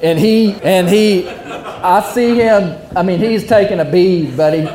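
A young man telling a hunting story, animated and often laughing while he talks. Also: high voice, a little slow. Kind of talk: casual storytelling.

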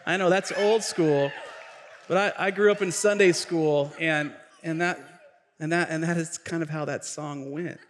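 A middle-aged male pastor telling a story in a sermon, chatty and animated, with restarts and asides. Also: high voice. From Tacoma, Washington. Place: church sanctuary. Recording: echoey church hall.

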